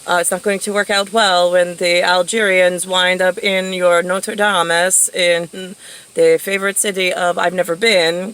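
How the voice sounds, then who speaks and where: A woman's voice: fairly low pitch, a bit bright, clean tone, poor audio. A woman telling a rambling family story in casual monologue, quoting relatives and dropping into whispered asides. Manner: meandering, quotes family in shifting tones, whispers asides. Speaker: storyteller recounting family conversation. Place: inside a house.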